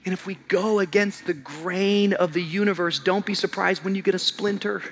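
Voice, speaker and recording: A young man preaching to his congregation with a bright, sharp tone and a high pitch. He moves between shouted high points and quiet, slow passages, with joking asides in between. Soft music plays behind him in the church. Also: fairly even intonation. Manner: dynamic preaching, swings from shouting highs to quiet low passages; humorous, conversational asides to the congregation. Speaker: pastor. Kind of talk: sermon. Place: church auditorium.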